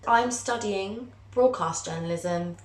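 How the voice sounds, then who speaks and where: A woman's voice: medium pitch, takes it slowly. Chatty, candid young woman, roomy sound. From England. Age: 20s. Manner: chatty, candid and self-mocking, playfully dramatic. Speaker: vlogger, journalism student. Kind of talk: casual personal storytelling to camera.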